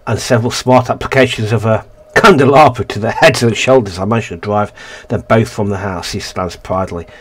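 A let's-play gamer casually reads a narrative game's text aloud and comments on it, often stumbling and correcting himself. His voice is medium-pitched with a fairly bright tone.

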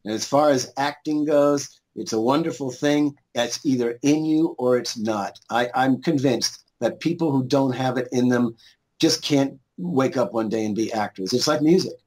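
A man's voice: mid-range voice, normal speed, a little mellow. A middle-aged man with an ordinary mid-range voice, talking as a podcast guest. He tells stories in a loose, rambling way, full of restarts and small chuckles. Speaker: guest, lawyer, musician and actor. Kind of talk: casual interview chat.

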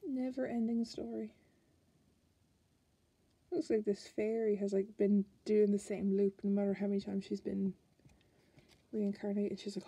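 A woman's voice: medium pitch, little pitch movement, a little slow, creaky, pauses often, dark tone, breathy edge, no room sound. An Irish woman chatting casually as she flips through a card deck, musing aloud and restarting her sentences. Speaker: tarot card reviewer.

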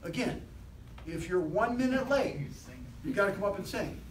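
A man leading a live motivational sales seminar, animated and rousing, constantly quizzing his audience, recorded from a distance in an echoey training room. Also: sits high, normal speed. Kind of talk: live seminar talk to a class. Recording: echoey room, distant mic, faint hiss.

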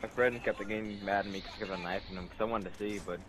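A man's voice: fairly low pitch, steady tone, fast talker. A man chatting casually with friends while playing a video game, speaking hesitantly and stumbling over his words. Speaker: co-player. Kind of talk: casual gaming banter. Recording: loud noise and clicks behind voice.

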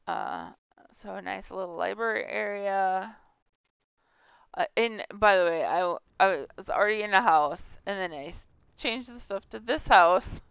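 A woman's voice: mid-range voice, creaky, smooth, no echo, highs cut off. A woman hosting a casual tour of a game house, chatty, giggly and self-deprecating. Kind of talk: casual gameplay tour commentary.

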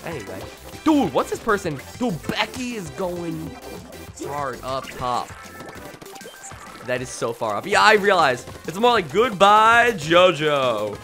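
Brief: male gamer streamer, bright animated voice, rambling late-night commentary, faint game music behind. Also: a little high, a little slow. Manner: excitable, rambling, bursts into shouting. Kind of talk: live gameplay commentary.

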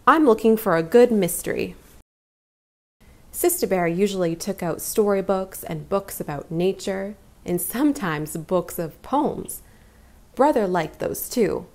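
A woman hosting a children's read-aloud channel, reading a picture book in a gentle, expressive way. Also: mid-range voice. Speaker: children's story reader.

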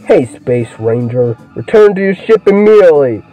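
A man putting on a deep stern space commander. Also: sing-song, normal speed, mellow. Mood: mock commanding. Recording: muffled lo-fi mic with game music.

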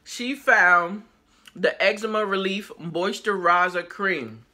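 A woman chatting casually to her viewers in a haul video, lively and exclamatory, talking straight to the camera and sometimes while chewing. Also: medium pitch, takes it slowly. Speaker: haul vlogger. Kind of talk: casual haul vlog chat.

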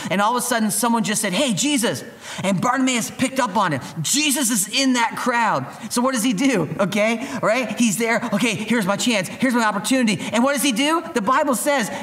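Preaching to young people, a male pastor keeps things chatty and energetic, performing the voices of characters in the story in his high-pitched voice.

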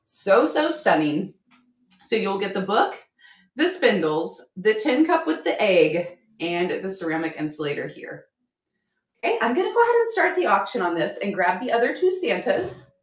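A woman selling at a live-stream auction, bubbly and excitable, often apologizing and thanking her viewers. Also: medium pitch, moderate pace. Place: home room with a chalkboard. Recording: echoey room.

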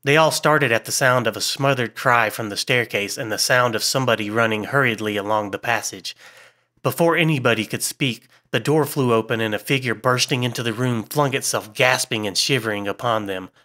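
A man reads a horror story aloud in a measured, storytelling way, his voice bright and forward. His pitch sits at a middle level, and he paces each line with care. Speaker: audiobook narrator. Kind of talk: scripted narration of a horror story.

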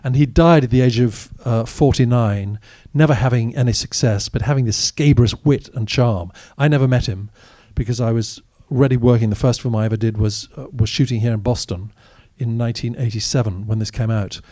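A man's voice: mid-range voice, fairly quick, hardly any pauses, dark tone, no echo, clean studio sound. A man, an actor as guest, telling candid, wry anecdotes in a live audience Q&A at a cinema. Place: cinema stage after a screening.

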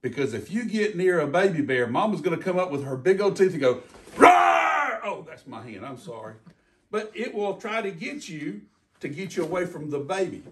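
An older man, a retired game warden giving a folksy, animated talk about wildlife for kids. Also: high voice, a little fast, recorded from a distance.

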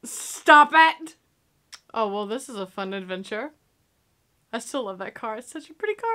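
A young woman hosting a movie reaction, in sassy, excitable casual commentary that talks back to the screen. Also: a little high, normal speed. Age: young adult.

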